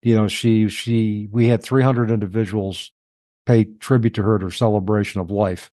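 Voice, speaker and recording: A middle-aged man telling personal stories as an interview guest, reflective and halting, emotional at times. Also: lowish voice, fairly even intonation, mellow, no echo.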